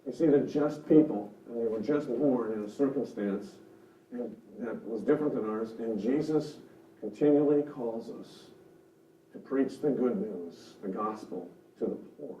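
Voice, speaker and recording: Recorded at a distance in a roomy hall, a male seminar teacher with a mellow, mid-range voice speaks a little slowly. He is earnest and conversational, explaining through examples, and the seminar room's speaker-system mic gives a dull, distant sound.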